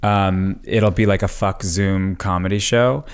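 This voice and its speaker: Slow-talking Long Island guy. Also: sits low, fairly even intonation, smooth. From Long Island, New York. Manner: hesitant, lots of fillers, laughs easily. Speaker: guest comedian. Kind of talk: casual podcast chat.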